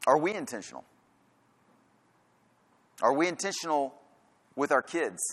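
Preaching in a church whose large hall leaves a long reverb, this pastor speaks on the high side at a measured pace, very animated. Rhetorical questions come one after another, and repetition hammers each point home.

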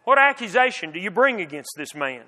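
A man's voice: high voice, sing-song, a little fast, pushed and bright, full character voice. A man voicing a pressing Roman governor, reverberant. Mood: questioning. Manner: pressing, incredulous questions. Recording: long hall reverb.

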